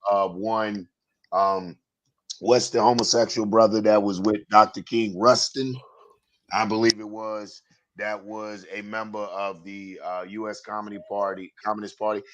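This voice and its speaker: A man hosting a casual talk show, telling stories in a digressive way and getting animated as he recounts them. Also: fairly low pitch, measured pace, dull audio. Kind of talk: casual political chat.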